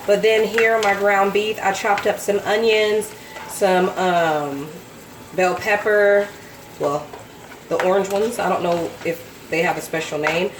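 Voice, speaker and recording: A young woman casually narrating her cooking for viewers, chatty and relaxed, calling them y'all. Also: medium pitch, noisy background. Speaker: cooking vlogger. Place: home kitchen. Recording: echoey kitchen, far from the mic, sizzling pan.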